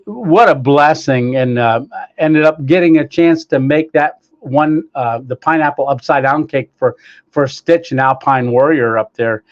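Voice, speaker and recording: A man's voice: on the high side, muffled recording. Upbeat man hosting a live chat. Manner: upbeat, greets viewers by name, many fillers. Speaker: livestream host. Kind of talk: casual live chat reading viewer comments. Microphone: clip-on microphone, sometimes staticky.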